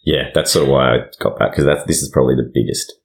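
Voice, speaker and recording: A man in his thirties, a guest in a casual chat, talking in a halting, rambling way. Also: extremely low pitch, steady tone. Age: 30s. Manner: rambling, halting, with many fillers. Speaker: podcast guest.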